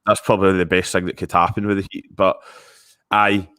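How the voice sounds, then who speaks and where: A Glaswegian man joins a podcast chat as a guest. His voice sits very low, and the recording sounds close and dry. He speaks bluntly and hesitates often with ums. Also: level tone, brisk, fairly bright tone, smooth, no echo.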